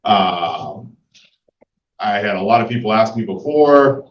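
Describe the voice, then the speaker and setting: A man's voice: lowish voice, lively intonation, slow, a little hiss or hum. A man with a New England accent, a public works official giving a casual, filler-laden report at a town meeting. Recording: roomy, distant, dull community TV audio.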